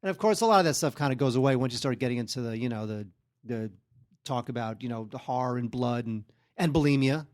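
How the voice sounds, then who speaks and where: A man co-hosting a film podcast, reviewing movies in casual chat and filling his pauses with plenty of ums and uhs. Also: medium pitch, a little mellow. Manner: hesitant, many ums and uhs between thoughts. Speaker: film critic podcast co-host.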